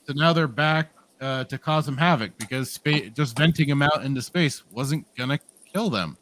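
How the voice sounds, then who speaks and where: A man's voice: fairly high pitch, normal speed, a bit bright, slight background noise. A man co-hosting a podcast, rambling through a casual review chat with lots of fillers, restarts and laughs. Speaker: podcast co-host.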